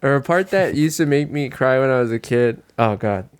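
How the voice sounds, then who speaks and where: A man co-hosting a podcast in casual chat, telling stories with lively quoted voices. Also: fairly quick, smooth. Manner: animated storytelling, acts out quotes with big pitch jumps. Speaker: podcast co-host.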